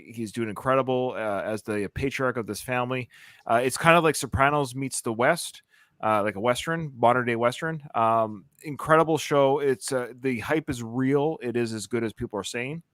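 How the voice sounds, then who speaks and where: A man's voice: medium pitch, fairly bright tone, dry recording. A man co-hosting a podcast, chatting casually and enthusiastically recommending things with plenty of fillers. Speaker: podcast co-host. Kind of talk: casual chat.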